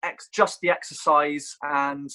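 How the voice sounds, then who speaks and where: A man's voice: on the high side, little pitch movement, takes it slowly, sharp tone, low-quality recording. A man, a personal trainer talking in casual podcast chat, rambling earnestly with frequent restarts.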